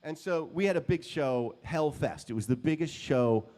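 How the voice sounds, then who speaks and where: A man's voice: on the high side, animated, normal speed, a little mellow. Male guitarist at a store clinic: casual storyteller, full of "um" and "you know.". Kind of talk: storytelling talk to a live audience.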